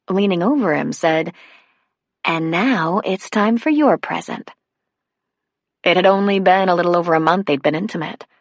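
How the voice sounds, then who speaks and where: Woman audiobook narrator, lowish voice, dry close recording, measured delivery. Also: dry recording. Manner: measured, even storytelling. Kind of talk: scripted narration.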